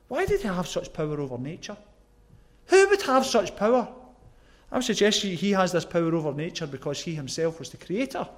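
A man from Scotland with a Glasgow accent preaching a sermon, earnest and emphatic, asking the listeners questions. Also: high voice. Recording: long echoey hall reverb.

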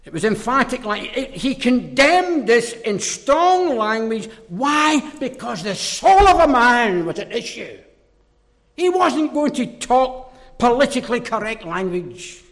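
Guy preaching, high-pitched voice, loud and punchy then low and mocking, big echoey hall. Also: big pitch swings, measured pace. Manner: emphatic, swings from loud declarations to low mocking asides. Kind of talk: sermon. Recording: reverberant hall.

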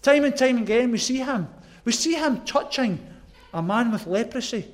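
A man's voice: extremely high pitch, animated, normal speed. A man from Scotland with a Glasgow accent preaching a sermon, earnest and emphatic, asking the listeners questions. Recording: long echoey hall reverb.

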